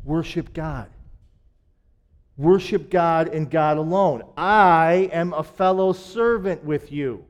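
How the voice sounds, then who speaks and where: A man voicing a stern male angel who scolds a kneeling man, in loud emphatic bursts. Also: fairly high pitch, takes it slowly. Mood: scolding.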